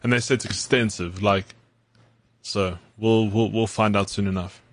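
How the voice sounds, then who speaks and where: A man with a low voice runs through football news as a podcast co-host. He speaks in a measured, steady way. The sound is dry, with no room echo. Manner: measured, reads out news items. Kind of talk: casual sports chat.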